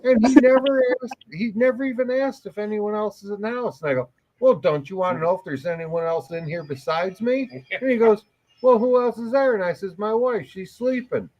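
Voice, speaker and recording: A man's voice: high voice, brisk. A man co-hosting a morning show, telling rambling, crude anecdotes with laughs in casual chat. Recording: dull lo-fi live stream audio.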